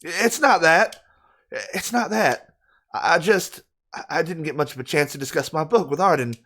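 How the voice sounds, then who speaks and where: A woman's voice: low voice, moderate pace, a bit bright. Let's play read: a nervous, shy schoolgirl who stammers and apologizes, played by a woman. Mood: timid. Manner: timid, hesitant, apologetic, repeating herself. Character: shy nervous teen girl club member. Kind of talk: voicing game dialogue in a let's play.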